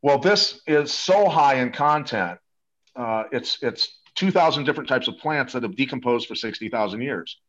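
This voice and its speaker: A man's voice: mid-range voice, lively intonation, normal speed, fairly bright tone. Man, interview guest, eager salesy rambling, restarts a lot, dull lo-fi recording. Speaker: guest promoting a supplement. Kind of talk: casual interview talk.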